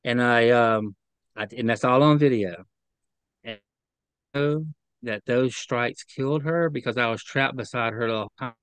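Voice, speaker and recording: Male interview guest, mid-pitched smooth voice, earnest halting testimony. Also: no echo. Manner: earnest, halting, emotional retelling. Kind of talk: personal recollection in an interview.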